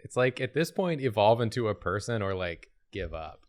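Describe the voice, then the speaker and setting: A man chatting casually while drawing, making absurd jokes in a deadpan way. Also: fairly low pitch, normal speed. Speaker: show host and artist.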